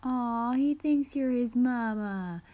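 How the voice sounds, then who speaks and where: A woman's voice: a little high, lively intonation, normal speed, mellow, natural voice. A woman voicing a cheeky young man who teases in a casual way. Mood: teasing.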